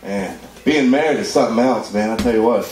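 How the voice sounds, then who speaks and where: A man's voice: lowish voice, brisk, far from the mic. A man in his thirties doing a stand-up comedy set, telling stories and acting out the voices of people in them. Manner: animated storytelling, acting out voices. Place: comedy club stage. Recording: echoey club, recorded from afar, noisy. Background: audience laughter.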